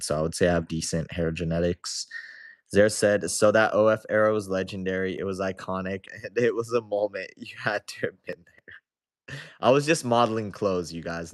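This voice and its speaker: A young man hosting a livestream, casually reading viewer comments aloud and chatting back to them. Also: low-pitched. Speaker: livestream host.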